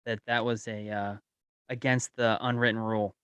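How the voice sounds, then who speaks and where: A man's voice: on the low side, level tone, normal speed, fairly bright tone, smooth, no echo. A young man co-hosting a sports podcast, speaking hesitantly with many fillers. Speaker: podcast co-host. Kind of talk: casual sports chat.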